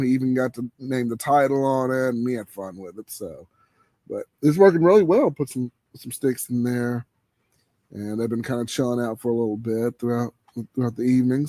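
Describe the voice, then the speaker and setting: A man's voice: mid-range voice, fairly quick, mellow, no echo. Laid-back man hosting a stream. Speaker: livestream host. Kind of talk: casual chat.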